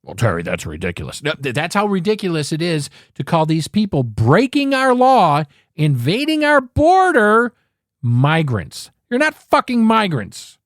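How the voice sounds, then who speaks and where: A man's voice: high voice, very animated, measured pace, no room sound, studio quality. A man hosting a political talk show, ranting with angry, sarcastic emphasis and frequent swearing.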